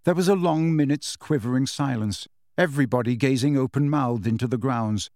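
A man narrating a story in a measured storytelling manner. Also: mid-range voice, a little mellow, dry recording, clean studio sound. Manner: measured storytelling with shifting character voices. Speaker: audiobook narrator. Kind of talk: scripted narration.

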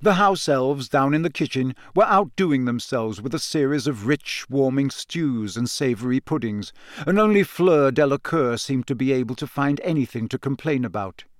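A man narrating an audiobook in a measured, even storytelling manner. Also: medium pitch, no echo. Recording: dry close studio sound.

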